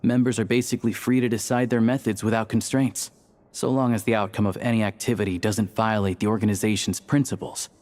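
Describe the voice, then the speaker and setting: An actor playing a calm, discreet young man of a secret society in a video game, explaining things in a measured way. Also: lowish voice, lightly acted.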